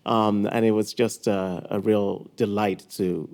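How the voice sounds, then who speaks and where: Casual self-deprecating man moderator, lower voice. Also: fairly even intonation, a little slow, gravelly, few pauses, darkish tone. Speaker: moderator, writer. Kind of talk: public conversation on stage.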